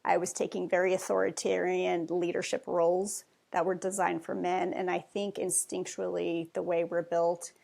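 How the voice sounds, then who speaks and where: A woman's voice: fairly low pitch, little pitch movement, normal speed, creaky, hardly any pauses, a little mellow. A woman talking as a podcast guest in a casual, chatty way, rambling with many fillers. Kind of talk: casual conversation.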